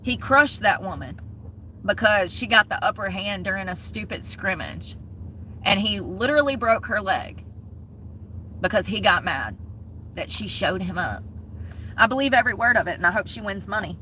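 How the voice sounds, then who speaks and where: A Southern woman vlogs in a blunt, heated rant and swears without a second thought. Her voice has a bright, cutting edge. Faint vehicle noise hums underneath. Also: medium pitch, expressive, normal speed, pauses often. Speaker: vlogger. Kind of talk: casual ranting vlog.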